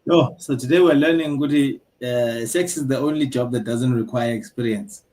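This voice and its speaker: A man's voice: mid-range voice, normal speed, a little mellow. A man hosting a panel discussion, asking playful, probing questions. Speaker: host.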